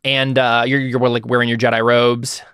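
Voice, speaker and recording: A man narrating as game master of a tabletop role-playing game, talking in a halting way with many fillers and restarts. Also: medium pitch, level tone, a bit bright, clear, resonant tone, no room sound, clean studio sound.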